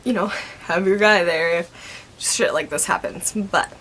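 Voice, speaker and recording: A woman's voice: lowish voice, unhurried, a bit bright, slight background noise. A young woman telling a story in a casual, chatty way. She laughs often and acts out what other people said.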